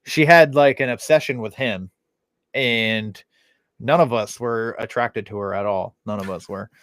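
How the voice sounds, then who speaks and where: A man's voice: mid-range voice, fairly even intonation, measured pace, fairly bright tone, dry recording. A man in his thirties hosting a podcast, telling loose stories full of swearing and fillers. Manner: loose storytelling, heavy swearing, frequent fillers. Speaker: podcast host. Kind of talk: casual chat.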